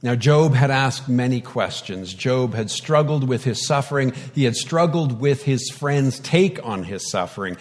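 A man preaching a sermon in a conversational way, with light humor, dramatic pauses and wide swings in loudness. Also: mid-range voice, lively intonation, big-room sound.

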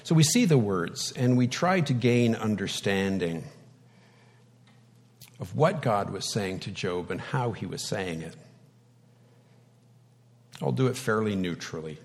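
A man preaching a sermon, deliberate and reflective, with touches of light wry humor. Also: fairly low pitch, animated.

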